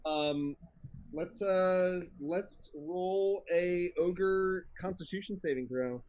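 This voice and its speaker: A man running a tabletop game as game master, playful and quick to laugh. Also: sits high, darkish tone, lo-fi sound.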